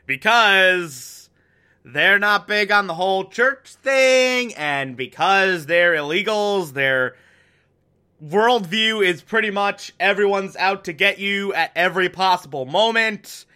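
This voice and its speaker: A man's voice: high-pitched, animated, slow pace, bright, forceful tone, clear, resonant tone. A young man casually recapping a TV episode, chatty and wry, with lots of fillers. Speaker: TV show recap host.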